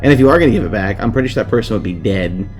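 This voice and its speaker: A man's voice: fairly low pitch, expressive, rapid-fire, faint music behind. A man hosting a podcast, recapping a children's book in a casual, crude, rambling way, swearing freely. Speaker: podcast host.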